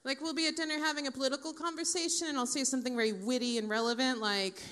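A woman's voice: fairly high pitch, steady tone, fast, few pauses, fairly bright tone. Dry, profane stand-up comedian woman. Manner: dry, profane, self-mocking asides to the crowd.

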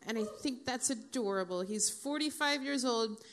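A woman's voice: a little high, moderate pace. A woman in her forties doing a stand-up comedy set, with dry, profane, self-mocking asides to the audience.

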